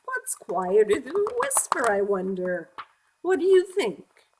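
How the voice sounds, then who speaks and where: A woman reading a picture book aloud to young children, gently asking them questions as she goes. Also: a little high, wildly swooping pitch, a little slow, background noise.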